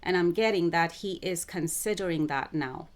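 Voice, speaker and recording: A woman who calls herself a psychic channeler, talking to camera in a spiritual monologue, with slow, deliberate phrasing that keeps circling back to the same words. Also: lowish voice. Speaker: self-described psychic channeler.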